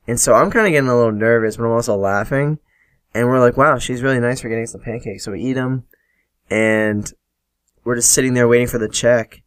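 A man's voice: medium pitch, no echo. A young man hosting a podcast, casually telling stories, swearing freely and acting out quoted lines. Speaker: podcast host. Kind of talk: solo storytelling podcast.

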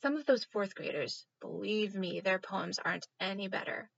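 A woman reading a children's book aloud, expressive and stopping now and then to fix her slips. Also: medium pitch, moderate pace, vocal fry, slightly rough, no echo, dull audio. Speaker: reader.

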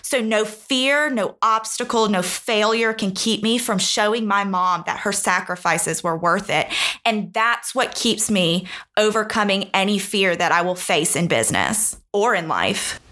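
A woman's voice: mid-range voice, expressive, unhurried, sharp tone. A woman co-hosting a podcast, telling a personal story in an earnest, heartfelt way.

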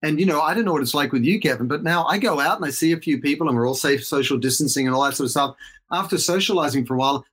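A man's voice: fairly high pitch, racing, a bit bright, husky. A middle-aged Australian man in a casual interview, talking reflectively and rambling with restarts. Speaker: guest.

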